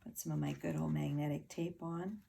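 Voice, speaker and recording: A low, gravelly woman's voice teaching children to read, sounding out each word in slow, careful steps. Her tone is dark and mellow, with faint room noise behind her. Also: little pitch movement. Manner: slow, clear word-by-word spelling with claps and sounding out. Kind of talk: children's phonics lesson.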